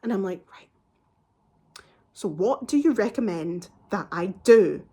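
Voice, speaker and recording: A woman in her twenties tells a story straight to her viewers in a casual, heated way. She swears freely and slips into quoted back-and-forth, playing both herself and the other person. Her pitch sits in an ordinary middle range for a woman. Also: animated, measured pace, mellow, slightly rough. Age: 20s. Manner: heated, swears often, acts out both sides of a conversation. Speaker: vlogger.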